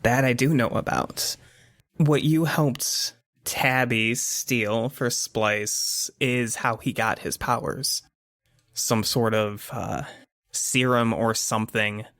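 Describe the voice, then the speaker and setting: A man doing a wry teenage girl with a lazy drawl, teasing and streetwise, voiced in a tabletop actual-play. The pitch stays close to his own middle register, and the sound is dry and close. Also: slow pace, fairly bright tone, dry recording. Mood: blunt.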